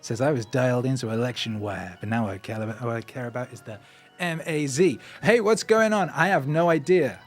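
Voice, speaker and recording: A man with an ordinary, mid-pitched voice chats loosely through a livestream, rambling, joking and reading out viewer comments. He talks into a stand microphone in a home studio, with music playing behind him. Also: brisk, reverberant, in a large hall. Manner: loose, rambling and jokey, with playful asides. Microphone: microphone on a stand in front of him.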